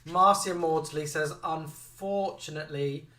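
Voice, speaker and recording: A man co-hosting a live chat show, reading out viewer comments in an animated way. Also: fairly high pitch, measured pace, distant mic. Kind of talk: casual live-stream chat. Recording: echoey room, away from the mic.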